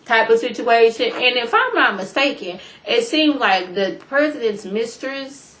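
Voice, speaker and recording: A woman vlogger casually recapping TV episodes, colloquial and incredulous, her voice jumping high when exclaiming. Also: a little slow, fairly bright tone. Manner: colloquial, chatty, talks straight to viewers.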